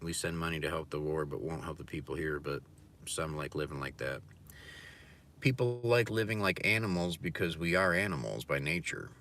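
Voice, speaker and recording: A man's voice: a bass voice, animated, moderate pace, a bit bright. A man hosting a livestream, talking in a blunt, profane, ranting way. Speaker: livestream host. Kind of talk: casual livestream rant.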